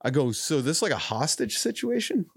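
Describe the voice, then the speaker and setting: A man's voice: brisk, vocal fry, slightly rough, dry recording, studio quality. A young adult man on a podcast, telling a story in casual chat and acting out the quotes with laughter. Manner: animated, acts out quotes with rising pitch and laughter. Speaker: podcast host.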